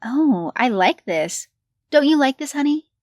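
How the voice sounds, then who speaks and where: A woman playing a gushing, excitable woman viewing a house, pitched up well above an everyday voice. This is a horror storybook reading with a dry, close sound. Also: unhurried, no echo. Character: chatty excitable female house buyer.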